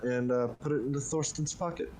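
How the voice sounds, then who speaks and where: A man's voice: on the high side, steady tone, brisk, over a noisy crowd. A man playing a tabletop game, chatting casually and asking hesitant questions. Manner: hesitant, many uhs while asking questions. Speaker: player. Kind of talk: casual tabletop play chat.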